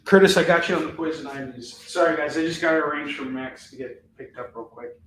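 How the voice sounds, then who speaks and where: A middle-aged man hosts a live comic book sales stream from home, joking and chatting off the cuff as the seller. His voice sits on the high side, brisk and fairly bright, with a little hiss or hum. The room echoes, and he's a bit far from the mic.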